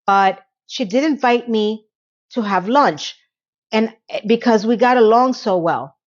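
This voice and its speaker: A woman's voice: medium pitch, unhurried, dull audio. A woman recapping a TV episode, ranting with exasperated, incredulous rhetorical questions. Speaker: TV recap reviewer.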